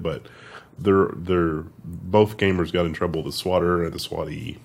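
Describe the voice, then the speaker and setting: Wry low-voiced male news co-host. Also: fairly even intonation, normal speed, creaky. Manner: wry, laughs often, lots of "I mean". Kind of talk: casual news discussion.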